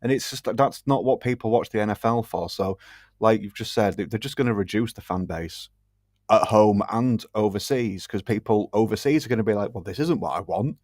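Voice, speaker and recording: A British man co-hosting a podcast, talking bluntly and swearing, now and then mocking others with quick put-on voices. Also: on the low side, a little mellow, dry recording, clean studio sound. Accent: British English. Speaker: podcast co-host. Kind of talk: casual banter.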